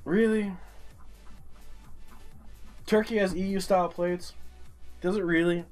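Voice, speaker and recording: A man's voice: medium pitch, lively intonation, normal speed, faint music behind. A man with a New York accent commentating a geography guessing game, exasperated and swearing constantly as he rants at what he sees. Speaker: streamer playing a geography game. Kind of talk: profane gaming commentary.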